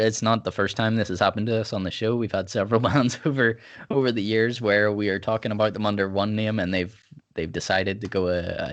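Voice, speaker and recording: Brief: relaxed male podcast host, lowish voice, rambling casual chat with lots of fillers. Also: creaky. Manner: rambling, laid-back, many fillers. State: sipping whiskey.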